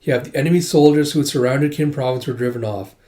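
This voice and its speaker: A man's voice: mid-range voice, fast, mellow. A man casually recapping a manga volume, moving through the scenes with 'it's like' and making loose asides. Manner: retells scenes with 'it's like' between quoted lines; loose conversational asides to the story.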